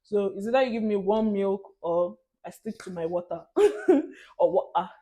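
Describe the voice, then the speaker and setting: Young Nigerian woman vlogger, Nigerian accent, chatty and expressive, laughs a lot, drops into Pidgin phrases. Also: medium pitch, moderate pace, muffled recording. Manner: animated, laughs often, mixes in Nigerian Pidgin. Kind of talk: casual storytelling monologue.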